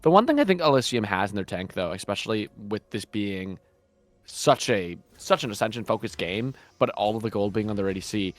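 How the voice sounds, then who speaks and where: A man calling the action in a live esports match, lively and rising in pitch during the plays. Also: dry recording. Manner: energetic, rises in pitch when calling the action. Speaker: esports caster. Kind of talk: esports play-by-play commentary. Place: broadcast booth.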